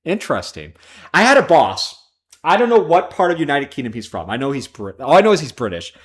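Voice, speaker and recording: A man from Chicago, in the American Midwest, hosts a casual gaming livestream, swearing freely and drifting into tangents. His fairly high voice is sing-song and fairly quick.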